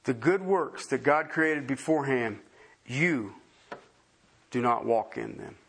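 A man preaching a sermon as pastor, emphatic and repeating phrases for stress, swinging from soft asides to loud, high emphasis. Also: big pitch swings, slow, creaky, slightly rough.

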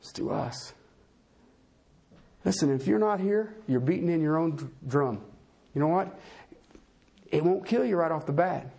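A male pastor delivers a sermon, reading scripture aloud in a gravelly, animated voice at normal speed. He swings between loud, rising emphasis and low, quiet, folksy asides.

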